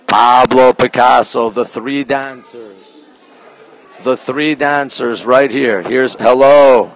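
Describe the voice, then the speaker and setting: A man hosting a casual live stream from a phone as he walks through an art museum, reading out artwork titles slowly and greeting viewers by name, sometimes dropping his voice low. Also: some chatter behind. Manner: talks low at times to keep quiet. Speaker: livestream host touring a museum. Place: indoor art museum gallery.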